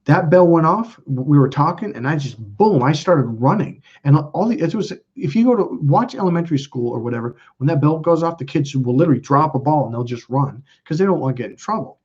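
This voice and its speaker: A man's voice: fairly high pitch, expressive, brisk, few pauses, a little mellow, slightly rough, highs cut off. A man telling a personal story as a self-help video host, rambling and cutting himself off mid-sentence. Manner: rambling, self-interrupting, casual with profanity.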